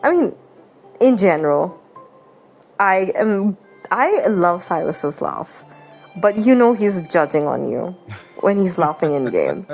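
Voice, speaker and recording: Young woman gamer chatting slow and rambly, mock annoyed, lots of little laughs. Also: on the low side, big pitch swings, a little mellow. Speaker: gaming channel host. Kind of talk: casual gameplay commentary. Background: game music.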